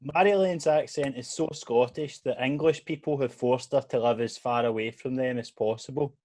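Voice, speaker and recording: A man's voice: medium pitch, moderate pace, background noise. Blunt male comedian on a call. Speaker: comedian panelist. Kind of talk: comic banter.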